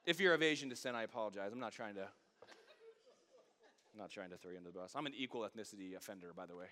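A man's voice: fairly low pitch, animated, fast, long pauses, sharp tone. A middle-aged man pastor, delivering a sermon that moves from funny storytelling to fervent preaching.

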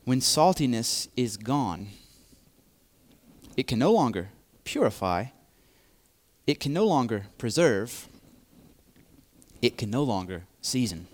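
A man preaching a sermon, speaking deliberately and repeating key phrases for emphasis. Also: medium pitch, very animated.

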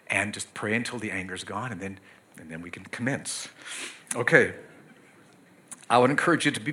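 A middle-aged man preaching a sermon as pastor, earnest and pleading, with sudden emphatic loud bursts. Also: on the low side, normal speed, long pauses, a little hiss or hum.

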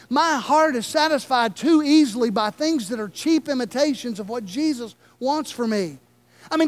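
A man preaching a sermon as pastor, with impassioned delivery and dramatic slow pauses. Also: very high-pitched. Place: church sanctuary.

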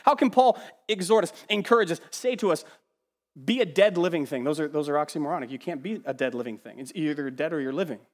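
A man preaches a sermon in a slightly high voice. He is animated and emphatic, repeats words to build his points, and drops to quiet asides. His voice carries a long reverb, like a big church hall. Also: fast, few pauses. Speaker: pastor.

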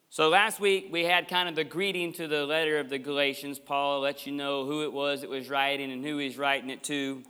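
In a church sanctuary, a pastor preaches a passionate, emphatic sermon, tossing folksy asides to the congregation. His fairly high voice is brisk, level in tone, sharp yet clean, with few pauses. A long, echoey church-hall reverb fills the recording.

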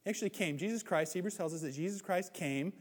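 A man preaching a sermon as pastor, animated, swinging between loud, excited stretches and hushed ones. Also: sits high, fast talker. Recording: hall reverb.

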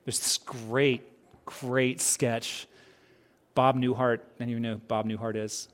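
A man's voice: mid-range voice, level tone, a little slow. A man preaching a sermon as a pastor in a casual, conversational way, asking many rhetorical questions and acting out bits of dialogue. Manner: conversational, acts out quoted dialogue.

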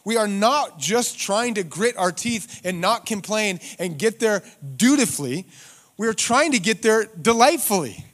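A man preaching from the pulpit moves from loud questions aimed at the congregation to softer, slower stresses on key points. His voice sits high and is expressive.

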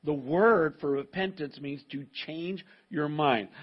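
Husky-voiced male pastor preaching. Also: on the high side, slow, few pauses, highs cut off. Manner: emphatic, conversational preaching with restarts. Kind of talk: sermon. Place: church service with a live congregation.

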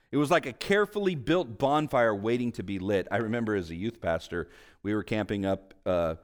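Delivering a sermon, a pastor weaves in stories while his voice rises and falls animatedly in both pitch and loudness.

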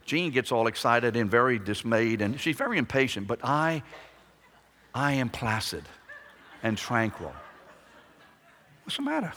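A man preaching a sermon, swinging between loud, emphatic declarations and hushed, quiet lines. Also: medium pitch, animated, measured pace, a little hiss or hum. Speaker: pastor. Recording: long hall reverb.

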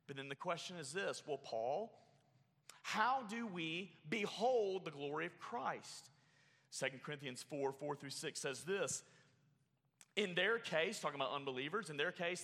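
A man preaching a sermon, emphatic and dropping to a hush for effect. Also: a little high. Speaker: pastor. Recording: long hall reverb.

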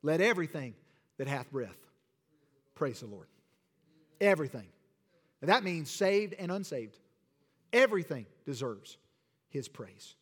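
Man, pastor, high voice, fervent sermon, long church reverb. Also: sing-song, unhurried, long pauses, breathy edge. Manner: preaching with rising fervor and Southern asides. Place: church sanctuary.

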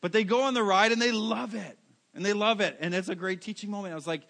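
High-voiced emphatic preacher man. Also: fast, gravelly, a bit bright. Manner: emphatic, repeats key words, self-mocking asides. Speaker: pastor. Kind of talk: sermon.

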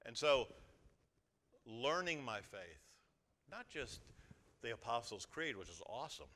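A man preaching a sermon to his congregation as their pastor, swinging from quiet asides to loud exhortation. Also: medium pitch, sing-song, unhurried. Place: church sanctuary before a congregation.

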